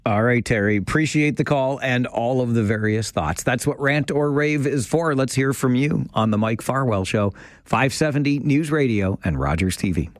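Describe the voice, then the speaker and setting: A man's voice: medium pitch, normal speed, no echo. A man hosting a call-in radio show, taking callers with dry, sarcastic banter. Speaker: radio talk show host. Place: radio studio.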